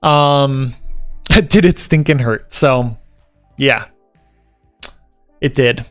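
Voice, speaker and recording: A man's voice: medium pitch, extremely slow, no room sound, soft background music. A man from the American South, a vlogger and tattoo apprentice, chatting casually to camera and reading article points aloud before riffing on them with jokes. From Southern United States. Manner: rambling and joking, reads article points aloud and riffs on them.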